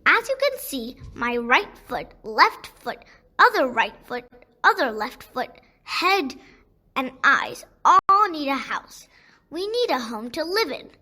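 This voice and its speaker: A small male toad pleads for a home in a children's storybook, voiced by a woman. His voice sits high and bright, with a plaintive, insistent tone. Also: big pitch swings, slow, exaggerated voice.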